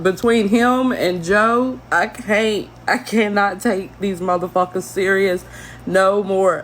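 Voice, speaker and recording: A woman's voice: lowish voice, slight background noise. A woman hosting a reaction video, laughing and swearing a lot as she comments casually.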